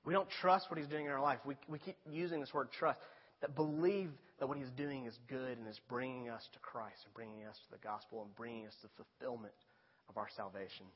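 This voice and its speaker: A pastor with a brisk, slightly rough mid-range voice preaches a sermon conversationally, building to emphatic appeals. The recording sounds dull, with long reverb from a large hall.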